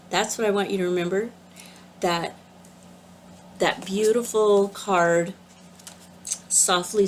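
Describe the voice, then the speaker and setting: A woman spiritual teacher giving an earnest, gentle, casual talk about an oracle card. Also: mid-range voice, a little hiss or hum.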